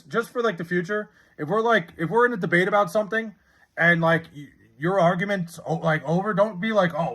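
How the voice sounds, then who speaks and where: Man, live streamer, raspy voice, lively swooping pitch, rambling, swearing, opinionated. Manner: rambling and profane, argues sports opinions. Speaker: live streamer reading chat. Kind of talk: casual live-stream chat.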